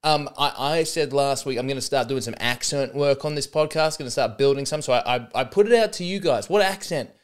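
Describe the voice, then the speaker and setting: A man's voice: medium pitch, a little fast, hardly any pauses. An Australian man hosting a comedy podcast, talking in a rambling, sarcastic, self-mocking monologue.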